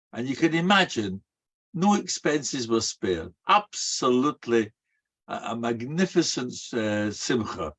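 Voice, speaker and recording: A rabbi gives a sermon to a live audience, telling stories, posing rhetorical questions and answering them himself, and sprinkling in Hebrew and Yiddish terms. His voice is medium-pitched with a fairly bright tone, captured in a dull lo-fi recording.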